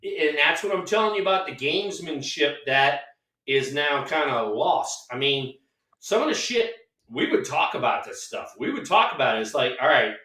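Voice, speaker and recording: A man's voice: fairly high pitch, distant mic. An older man co-hosting a casual podcast, telling stories with plenty of swearing and acting out the dialogue. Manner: animated storyteller who acts out dialogue, swears freely. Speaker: co-host, former baseball player. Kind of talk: casual storytelling chat. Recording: echoey room, off-mic.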